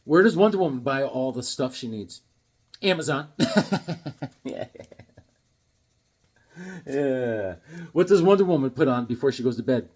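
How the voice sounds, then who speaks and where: A man in his fifties showing off his comic books in a casual joking vlog, acting out voices with sudden loud outbursts. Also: medium pitch, expressive, unhurried, pauses often.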